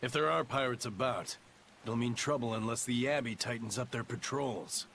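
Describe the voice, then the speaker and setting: Brief: speculative fisherman for a game, gravelly, faint hiss. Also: medium pitch, moderate pace, fairly bright tone. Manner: dry, speculative, joking. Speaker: fisherman townsperson in a video game. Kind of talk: video game voice acting.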